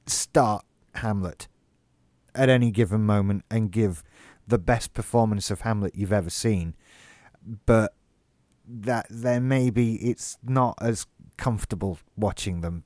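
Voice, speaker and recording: A man's voice: fairly low pitch, darkish tone, no room sound. Easygoing man chatting, dry close mic. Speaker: podcast co-host. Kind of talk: casual chat.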